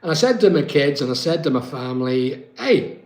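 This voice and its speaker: A man's voice: medium pitch, animated, a little fast. A man from Britain hosting a casual live-stream chat, rambling and reading viewer comments aloud. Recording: echoey room.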